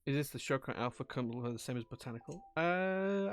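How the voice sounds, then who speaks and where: Gravelly-voiced man chatting while he builds. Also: medium pitch, fairly quick. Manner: relaxed, thinks aloud, reads and answers chat. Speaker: keyboard-building streamer. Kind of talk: casual live-stream chat while building.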